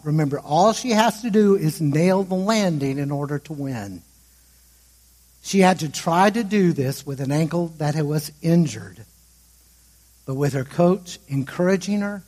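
Husky-voiced man telling a sermon story. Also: on the high side, a little mellow.

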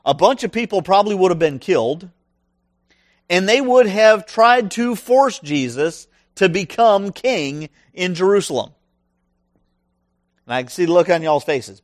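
Middle-aged male preacher, high voice, dry close sound, animated and conversational. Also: dry recording. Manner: conversational, animated, asks the audience questions. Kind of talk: sermon.

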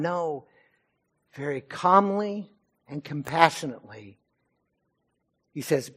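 A man preaching a sermon, his delivery swelling to loud passages and sinking to quiet ones. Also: on the high side, slow, pauses often. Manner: preaching with rising and falling intensity. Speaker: pastor.

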